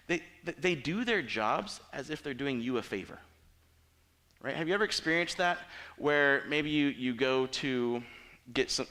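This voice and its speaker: A male pastor delivers a casual, story-driven sermon with a lively, swooping delivery. His voice is bright and a little high, and he slips into asides and quick impressions of the people in his stories.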